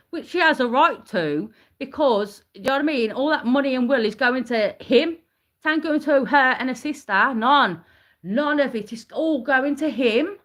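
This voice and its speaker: A woman talks to camera in a heated, rambling rant. Her voice sits high, and she swears and keeps firing the same questions over and over. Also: a bit bright. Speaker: vlogger. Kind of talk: ranting to camera.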